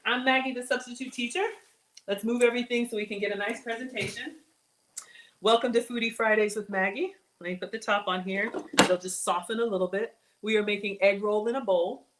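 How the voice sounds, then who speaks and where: A woman hosting a casual live cooking show from her home kitchen, her voice sitting at an ordinary middle pitch. She chats warmly to her viewers and calls them y'all as she cooks. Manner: chatty, upbeat, addresses viewers as y'all. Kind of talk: live-stream cooking demo, casual chat.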